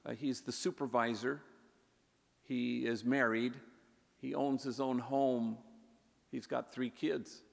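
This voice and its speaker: A man, a priest, telling stories in a warm conversational way in a public talk, sprinkling in Spanish words. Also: mid-range voice, fairly even intonation, slow pace, vocal fry, long pauses. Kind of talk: storytelling speech. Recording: echoey hall with long reverb.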